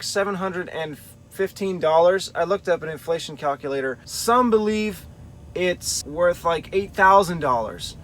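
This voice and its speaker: Guy with a slightly high voice walking thru a bible study, thinking out loud. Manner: thinking aloud, weighing options carefully. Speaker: Bible teacher. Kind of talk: explanatory Bible study talk.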